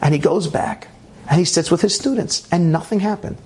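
A man telling a story casually, animated, with frequent restarts and laughter. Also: sits high, fairly quick.

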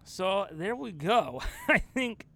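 A woman's voice: medium pitch, sing-song, slow pace, fairly bright tone. A woman in casual, improvised comedy chat who giggles and trails off with fillers as she spins out a story.

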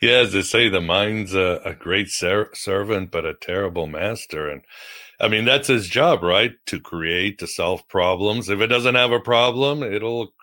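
Podcast host guy, low-ish voice with a bright forward edge, muses along with lots of uhs. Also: a little slow. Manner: musing, hesitant with fillers, chuckles. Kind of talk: casual podcast interview.

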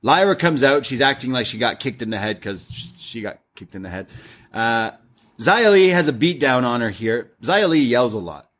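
A man's voice: medium pitch, lively intonation, normal speed, a bit bright. A man co-hosting a wrestling review podcast in casual chat, laughing often as he recaps scenes.

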